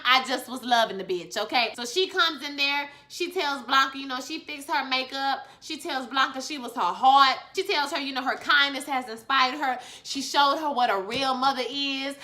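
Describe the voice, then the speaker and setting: A woman reviewing a TV episode in a casual vlog, sassy and animated, full of ballroom slang. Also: high-pitched, normal speed, hardly any pauses. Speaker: TV show reviewer.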